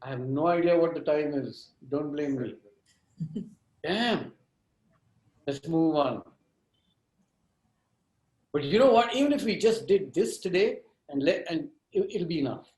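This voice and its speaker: A man leading an interactive workshop on conflict, talking in a direct, animated and teasing way. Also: on the high side, unhurried, long pauses, echoey room, rough recording. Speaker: workshop trainer.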